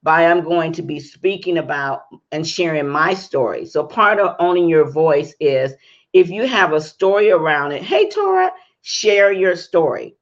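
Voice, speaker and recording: A woman's voice: deep voice, lo-fi sound. Upbeat woman host, voice strained by a cold. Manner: chatty, upbeat, greets viewers by name. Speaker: talk show host and interview coach. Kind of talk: live-stream talk show.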